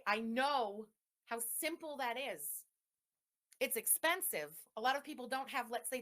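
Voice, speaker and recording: A woman's voice: on the high side, fairly bright tone. A woman hosting a commentary channel, talking in an indignant, exasperated and scolding way. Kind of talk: emotional commentary rant.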